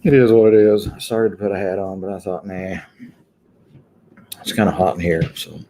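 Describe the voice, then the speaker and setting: Mellow low-voiced man chatting on a livestream. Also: moderate pace, a little hiss or hum. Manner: chatty, greets viewers one by one. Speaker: livestream host. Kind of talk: casual live chat with viewers. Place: indoor room.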